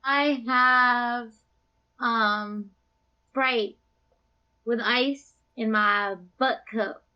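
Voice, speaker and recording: Brief: young woman, bright and high, slow, playful, muffled sound. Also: steady tone, clean tone. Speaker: podcast regular. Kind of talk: casual chat. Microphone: call.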